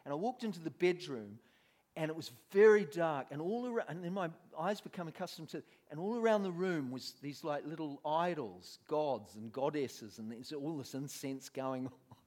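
A man's voice: a little high, expressive, normal speed, darkish tone. A man preaching a sermon, telling a story with lots of laughter and acted-out voices.

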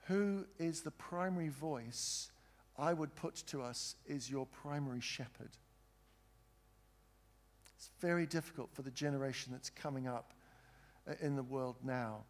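A man preaching a sermon, earnest, pausing for emphasis and putting questions to his congregation. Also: a little high. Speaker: pastor.

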